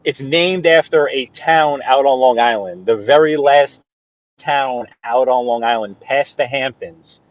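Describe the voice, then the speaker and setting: A man's voice: mid-range voice, measured pace. A man with a Brooklyn accent, hosting a casual live stream from his car and rambling to viewers and a guest. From Brooklyn, New York. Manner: rambling, chatty, answers viewers' comments. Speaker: livestream host. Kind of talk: casual live-stream chat while driving. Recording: dull, dry lo-fi sound.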